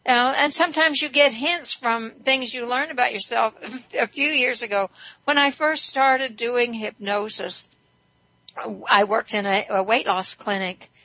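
A middle-aged woman hosts a self-help show with a bright, clear voice. She guides listeners through soft, reflective questions. The recording is dry and close to the mic. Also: fairly high pitch, dry recording, poor audio. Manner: guiding listeners with a stream of questions, gentle and conversational. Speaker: host and hypnotist.

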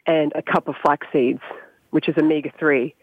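Male guest, candid and quick-talking, slightly high voice, heard over a narrow phone-like line. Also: flat delivery, no room sound. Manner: candid, swears freely, talks fast. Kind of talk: casual chat. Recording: tinny phone-like line, dry.

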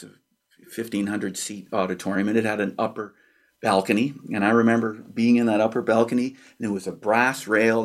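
A man from Canada, a percussionist and author, telling a childhood story in an interview, acting out quotes and sound effects, with pauses and fillers. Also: on the low side.

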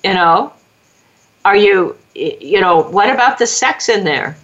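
A woman's voice: medium pitch, expressive, measured pace, a bit bright, muffled recording. A woman hosting a talk show, urging parents in an earnest, preaching monologue. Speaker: host.

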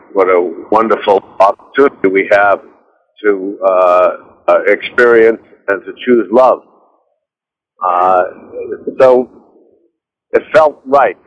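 A man with a fairly low voice phones in from his car, coming through a dull, muffled line. He talks in a halting, rambling way, restarting his sentences often. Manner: hesitant, rambling with many restarts. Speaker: guest author. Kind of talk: phone interview. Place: car, while driving.

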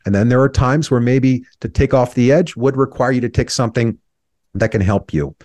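A man's voice: medium pitch, normal speed, a little mellow, no room sound. A man in his thirties, an interview guest, telling a painful personal story in an earnest, reflective way, his voice sometimes breaking with emotion.

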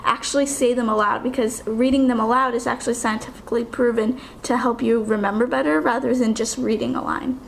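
A young woman with a light Californian accent co-hosts a casual chat show, her voice high and full of vocal fry. She talks chattily and insists on her point. Faint hiss sits under the recording. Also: steady tone. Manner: chatty, insistent, quick to argue and laugh. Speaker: co-host.

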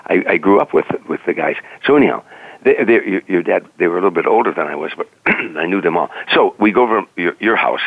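An older man, a guest comedian on a radio talk show, telling an animated story and acting out the voices of the people in it. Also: deep voice, vocal fry, no echo. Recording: dry, narrow phone-line sound.

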